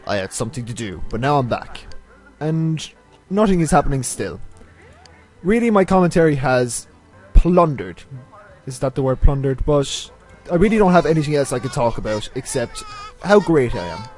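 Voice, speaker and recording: A man's voice: medium pitch, big pitch swings, normal speed, soft background music. A man with a stuffy, nasal voice from a cold, hosting a rambling, self-mocking let's play commentary. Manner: rambling, self-mocking, drifts between loud and mumbled asides. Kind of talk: casual gameplay commentary.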